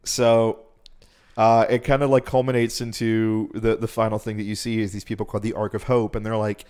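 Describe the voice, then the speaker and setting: A man's voice: on the low side, little pitch movement, fairly quick, a little mellow, smooth. A young man co-hosting a podcast, retelling a game's story in a rambling, profane, casual way. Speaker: podcast co-host. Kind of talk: casual chat.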